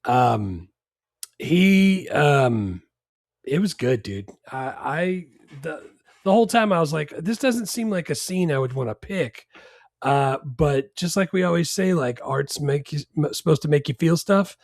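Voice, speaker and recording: A man's voice: fairly high pitch, lively intonation, unhurried, a little mellow, dry recording. A man co-hosting a casual movie podcast, laid-back and hesitant with many ums and wry jokes. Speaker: podcast co-host.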